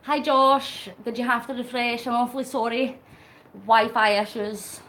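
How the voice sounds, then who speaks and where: Woman vlogger, fairly high voice, chatty live-stream talk while cycling, laughs a lot. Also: steady tone, normal speed, a bit bright, a little hiss or hum. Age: middle-aged. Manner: chatty, laughs often, reads out viewer comments; talks while pedalling on a bike. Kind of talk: casual live-stream chat.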